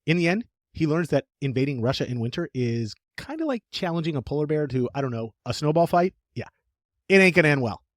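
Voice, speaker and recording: Man, podcast co-host, jokey storyteller, lively pitch, dry studio sound. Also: fast talker, few pauses, dry recording. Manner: jokey, animated storytelling with playful put-on voices. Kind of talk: casual podcast chat.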